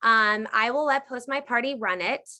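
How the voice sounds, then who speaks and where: A woman in her thirties leading a live Q&A, coaching her sales team in an energetic, emphatic way that repeats points for emphasis. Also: a little high, normal speed. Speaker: direct sales team leader.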